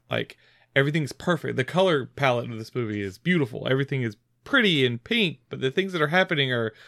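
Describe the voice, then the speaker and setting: Chatty, giggly man with a higher voice. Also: fairly bright tone, no room sound, clean studio sound. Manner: rambling, filler-heavy, giggly. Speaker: podcast co-host. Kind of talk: casual movie recap chat.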